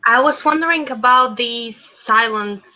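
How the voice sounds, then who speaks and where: A woman's voice: a little high, measured pace, pushed and bright, dull audio. A woman student asking her teacher a question in an online class, curious. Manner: curious, inquiring.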